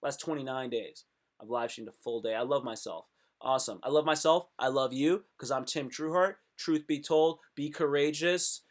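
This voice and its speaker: A man's voice: medium pitch, moderate pace. A young man hosting his own live stream, talking to viewers in a hyped, rambling, self-motivating way. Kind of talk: casual live stream monologue.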